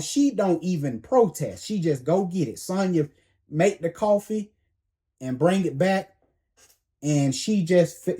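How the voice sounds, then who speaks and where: Blunt, mellow-voiced male preacher. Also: fairly high pitch. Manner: blunt, emphatic preaching with repeated commands; slangy and confrontational. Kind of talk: sermon.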